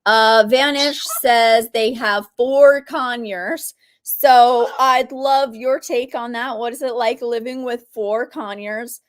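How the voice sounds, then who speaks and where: A woman's voice: on the high side, fairly even intonation, takes it slowly, hardly any pauses. A woman hosting a casual live Q&A, reading viewer comments aloud and chatting freely. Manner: chatty, reads viewer comments aloud, coos at her bird. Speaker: livestream host.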